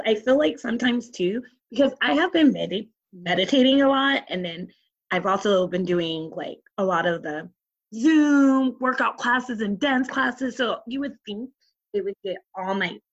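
A woman co-hosting a podcast in casual chat, chatty and laughing often, with loose swearing. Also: mid-range voice. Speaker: podcast co-host. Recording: slightly dull, lo-fi audio.

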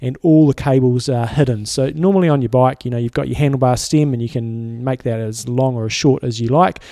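A man's voice: mid-range voice, a little fast, mellow, no echo, studio quality. A man co-hosting a sports podcast, explaining things in a chatty way with friendly asides. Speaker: podcast co-host. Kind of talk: casual podcast chat.

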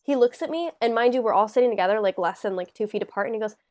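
A woman's voice: on the high side, rapid-fire. Chatty young woman telling a story. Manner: animated storyteller, lots of "like", acts out overheard lines. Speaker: podcast co-host. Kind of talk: casual chat.

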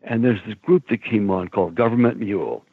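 Husky older man on a tinny phone line. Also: fairly low pitch, a little fast, no room sound. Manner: rambling, laughs often, acts out quotes. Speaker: guest. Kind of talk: casual storytelling.

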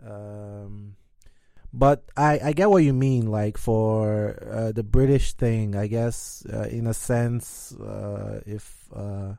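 Dark-toned Nigerian-born man chatting. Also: lowish voice, steady tone, slow, gravelly, no room sound. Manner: teasing, hesitant with many fillers. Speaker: podcast co-host. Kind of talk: casual chat.

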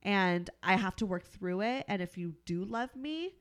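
A woman's voice: medium pitch, animated, measured pace, clear, resonant tone. A young woman co-hosting a podcast in casual chat, rambling with lots of filler words and swearing. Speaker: podcast co-host.

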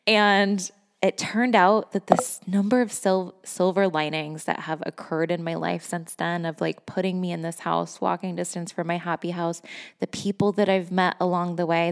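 Woman, podcast host, lowish voice, personal storytelling, candid, laughs a lot, swears, lots of "like". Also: big-room sound. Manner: candid and effusive, swears freely, heavy use of "like"; laughs often between phrases.

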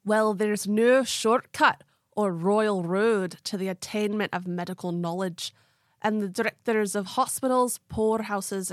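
A woman voicing a 19th-century Scottish male surgeon with a put-on Scottish accent, declaiming slowly and formally. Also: mid-range voice, no room sound, studio quality, natural voice.

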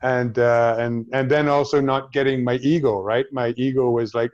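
A man, an actor, telling a personal story in an interview, reflective and halting, with frequent restarts. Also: mid-range voice, fairly even intonation, a little mellow, highs cut off. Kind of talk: storytelling in conversation.

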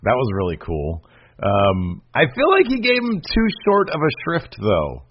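A man co-hosting a podcast in casual chat, rambling and animated, with many fillers and restarts. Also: mid-range voice, measured pace, husky. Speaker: podcast co-host. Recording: slightly muffled lo-fi audio.

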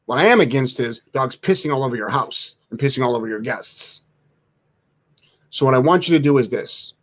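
A man who trains dogs, answering live chat questions bluntly, swearing freely and mocking soft owners in a sing-song voice. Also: medium pitch, fairly quick. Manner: blunt, profane, animated, mocks in a sing-song voice. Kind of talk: casual live Q&A.

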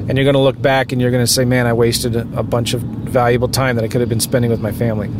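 A man's voice: medium pitch, little pitch movement, rapid-fire, background noise. A man giving a rambling, emphatic motivational talk to his viewers, with vehicle sound behind him. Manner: rambling, self-interrupting, emphatic. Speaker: real estate investing vlogger. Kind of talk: casual motivational talk to camera.

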